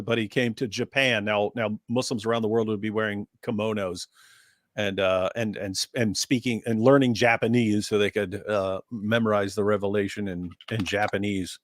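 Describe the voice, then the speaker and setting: A man co-hosting a live stream, making deadpan, sarcastic remarks in casual chat. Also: fairly low pitch, dry recording, studio quality. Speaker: co-host.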